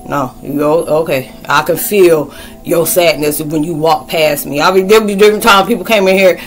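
Animated, slangy woman vlogger. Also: low voice, normal speed, soft background music. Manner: loose, animated, slangy, acts out quoted friends. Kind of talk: casual spoken vlog, talking to viewers.

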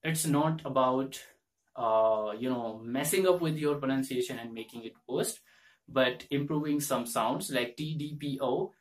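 A man's voice: medium pitch, a little slow, far from the mic. A young Indian man with an Indian English accent teaching pronunciation in a casual lesson, repeating drill words over and over.

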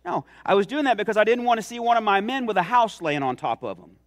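A middle-aged preacher stands in the church sanctuary, earnestly relating stories that climb in emphasis. His voice sits high, with lively intonation and a fast pace.

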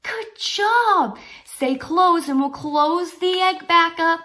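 A young adult woman teaching toddlers in a slow, sing-song way, with exaggerated encouragement and lots of praise. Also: very high voice, lively intonation, pushed and bright.

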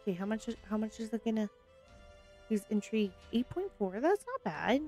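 A woman hosting a solo gaming video, chatting casually through her play with panicky, excitable outbursts. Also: mid-range voice, brisk, soft background music. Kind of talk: casual gameplay commentary.

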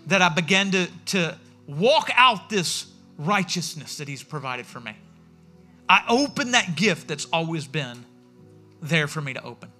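A man preaching a sermon as pastor in a church, telling stories in a lively way and acting out what people said. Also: on the high side, measured pace, faint music behind. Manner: animated storytelling, acting out quotes.

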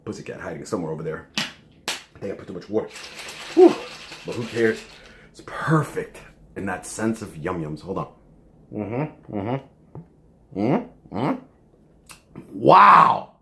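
A man's voice: sits low, big pitch swings, measured pace, long pauses, a little mellow, reverberant, a little hiss or hum. A man reviewing a supplement in a casual vlog from his home kitchen, joking and swearing as he rambles.

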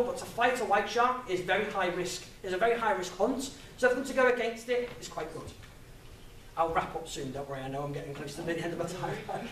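A man's voice: high voice, fairly bright tone. Young male guest speaker, laughing and chatty, heard from far off in an echoey room with faint background noise. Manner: chatty, laughing, self-deprecating. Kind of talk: public talk with slides.

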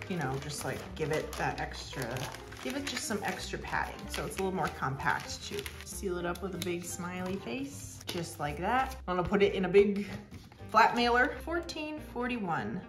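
A woman's voice: lowish voice, reverberant. A young woman chatting to herself while packing orders, cheerful and a bit chaotic, with the odd swear. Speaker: small artist packing shop orders. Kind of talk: chatty packing vlog voice-over. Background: background music.

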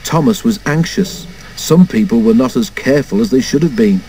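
A man reading a children's storybook aloud in an expressive way, doing all the character voices himself. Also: medium pitch, normal speed, slight background noise, rough recording. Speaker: storybook narrator.

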